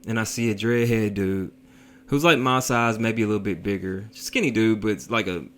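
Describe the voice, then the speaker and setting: A man telling a story in a casual vlog, in a slangy, profane, animated way. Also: lowish voice, normal speed.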